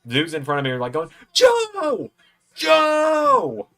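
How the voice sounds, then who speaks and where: Speaking very fast, the man has a mid-range voice and a steady, bright, forceful tone. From a room at home he hosts a watch-along, telling a long, wandering personal story and acting out quoted lines loudly.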